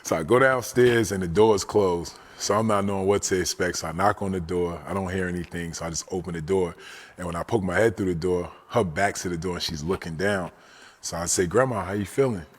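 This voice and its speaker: A man in his forties, a guest telling a personal story in a casual, animated way. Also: deep voice, a little fast. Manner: animated storyteller, often says "you know what I'm saying".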